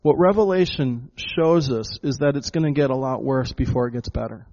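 A man's voice: medium pitch, normal speed, darkish tone, dull audio. A pastor preaching a sermon to his congregation, emphatic, often repeating words and calling them folks. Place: church hall with a congregation.

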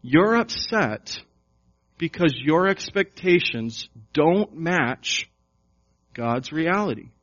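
Slow, emphatic male preacher. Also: fairly high pitch, lively intonation, a bit bright. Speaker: pastor. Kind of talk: sermon. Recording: dull lo-fi sound.

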